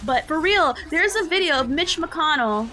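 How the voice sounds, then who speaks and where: A woman's voice: high-pitched, animated, normal speed, pushed and bright. A woman VTuber streamer in casual live-stream chat, ranting in a slangy way and reading her chat aloud. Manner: slangy, says "bruh" often.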